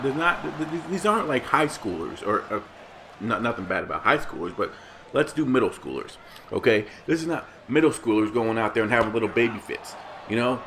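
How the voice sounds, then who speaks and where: A man's voice: lowish voice, fairly bright tone, slight background noise. A man ranting in a casual vlog commentary, rambling and heated, with many restarts. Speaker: gaming vlogger.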